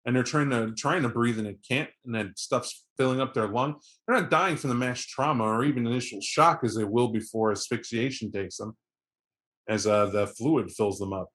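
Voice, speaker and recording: A man's voice: mid-range voice, moderate pace, fairly bright tone. A man runs a tabletop game, narrating the action in a loose, conversational way. He keeps the scene moving with lots of fillers and asides. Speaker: game master.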